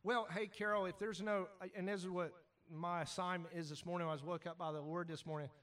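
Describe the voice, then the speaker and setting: A man preaching a sermon as pastor, animated, shouting at times and then dropping to quiet asides. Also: high voice, quick pace, recorded from a distance.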